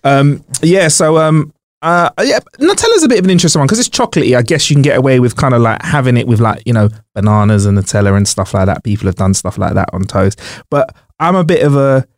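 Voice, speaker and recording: A man's voice: mid-range voice, lively intonation, fast talker, no echo, clean studio sound. A man co-hosting a casual podcast, rambling with many fillers and hesitations. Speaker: podcast co-host.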